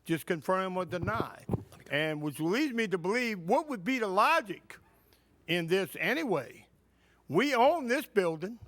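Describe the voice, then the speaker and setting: Man, high voice, dry close sound, indignant public comment, rhetorical questions, council chamber. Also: big pitch swings, a little slow, fairly bright tone, no room sound.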